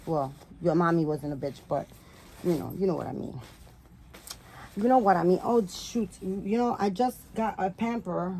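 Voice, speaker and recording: Woman, casual doll vlog host, profane, rambling, lots of fillers, soft cooing asides. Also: on the low side, moderate pace, slight background noise. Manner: coos softly at dolls.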